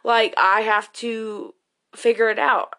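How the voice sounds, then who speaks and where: A woman's voice: fairly high pitch, steady tone, slow pace, pushed and bright. Woman, single mom, candid personal talk, rambling, emotional, profane. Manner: rambling, emotional, swears freely. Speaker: single mother.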